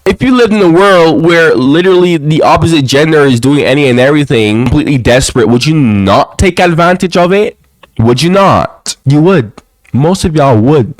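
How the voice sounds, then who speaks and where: A man's voice: a little high, moderate pace, no room sound. Blunt ranting young man who is sick. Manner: blunt, ranting, slangy, sarcastic. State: sick, voice sounds off. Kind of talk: casual opinion monologue.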